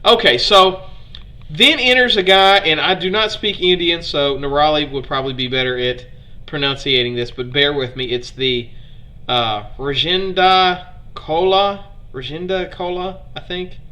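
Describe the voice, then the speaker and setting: On his casual live history stream, a man with a slightly high voice and an Alabama Southern accent talks with viewers and quizzes them, stumbling over foreign names. His pace is moderate and his voice sounds pushed and bright.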